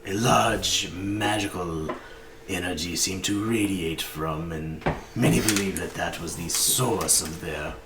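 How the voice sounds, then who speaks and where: A man's voice: low-pitched, slow, roomy sound, noisy background. A man voicing a large, old, doting male orc shopkeeper in a tabletop game, chatty and fussing over his customers. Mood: confiding.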